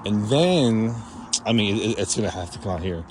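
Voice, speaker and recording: A young vlogger walks outdoors by a street, talking casually to the camera in a lowish voice with lively intonation at a moderate pace. He rambles self-consciously, full of fillers and restarts, with street noise behind him.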